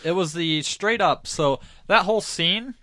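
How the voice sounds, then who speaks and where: A man's voice: sits high, unhurried, bright, forceful tone, dry recording, studio quality. A man co-hosting a podcast, talking about a movie in a laid-back way with lots of "you know" fillers. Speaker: podcast co-host. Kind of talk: casual movie discussion.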